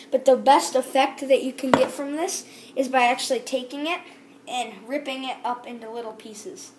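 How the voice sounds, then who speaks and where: A woman's voice: high voice, roomy sound, a little hiss or hum. A young female vlogger chatting through a how-to video at home, rambling with ums and restarts. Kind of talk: casual how-to vlog. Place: house, bathroom.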